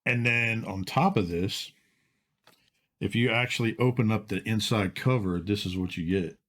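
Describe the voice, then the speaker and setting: A man's voice: fairly low pitch, normal speed, a bit bright. A man hosting a podcast, chatting in a laid-back, rambling way with lots of "like" and "dude". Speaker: podcast host. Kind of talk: casual chat.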